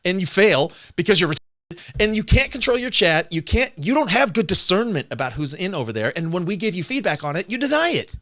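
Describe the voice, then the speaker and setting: A man's voice: sits high, very animated, brisk, bright, forceful tone. A man ranting heatedly in an online debate stream, aggressive, accusatory and profane. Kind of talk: heated rant.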